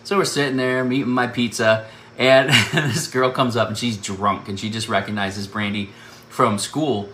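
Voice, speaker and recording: Bright-voiced man telling a lively story. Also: mid-range voice, normal speed. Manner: laughs often while telling the story. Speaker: speaker sharing a personal testimony. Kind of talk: animated personal storytelling. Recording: echoey room with faint background noise.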